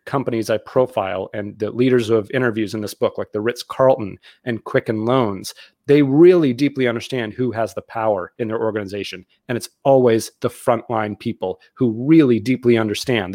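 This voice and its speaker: A man's voice: mid-range voice, brisk, a little mellow, no room sound, studio quality. A man who is the author being interviewed, making emphatic points and repeating key lines for stress. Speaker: author and guest. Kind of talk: casual interview chat.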